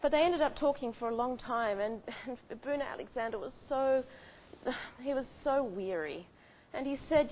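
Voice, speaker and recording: A woman's voice: high-pitched, animated, normal speed. A woman retelling a true story in a conversational way, often restarting her sentences. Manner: conversational with frequent restarts and fillers. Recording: tinny phone-like audio with faint hiss.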